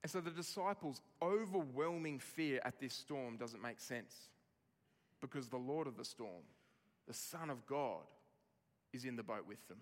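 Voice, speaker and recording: A man preaching a sermon, expressive, dropping soft on tender lines and rising for emphasis. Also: medium pitch, measured pace, long reverb tail. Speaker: pastor.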